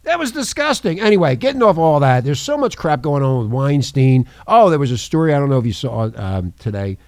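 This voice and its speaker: A man's voice: mid-range voice, very animated, brisk, dry recording. A man hosting a casual radio show, rambling and teasing his co-host in a joking way.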